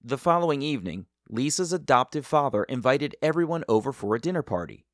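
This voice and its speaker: A man hosting an interview and narrating the story between clips, calm and measured. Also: mid-range voice, dry recording, clean studio sound. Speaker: podcast host and narrator.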